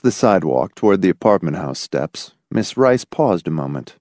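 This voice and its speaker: Expressive male audiobook narrator. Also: sits low, moderate pace, few pauses, no echo, clean studio sound. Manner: expressive storyteller, voicing several characters. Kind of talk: scripted narration.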